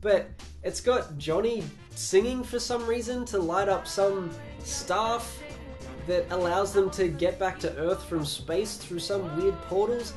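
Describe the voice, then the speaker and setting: A man's voice: high voice, a little slow, music in the background. A young man recapping a comic book casually, chatty and sarcastic, acting out the characters' lines.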